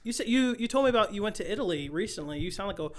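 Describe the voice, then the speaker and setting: A man hosting a podcast, chatting in a loud, blunt, crude, laughing way. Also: high voice, lively intonation, racing. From United States. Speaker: podcast host. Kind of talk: casual comedic chat.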